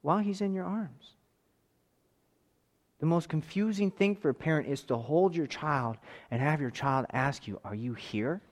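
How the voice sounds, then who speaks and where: A man in his thirties preaching a sermon, moving between forceful raised passages and quiet, intimate tones. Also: on the high side, normal speed. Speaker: pastor.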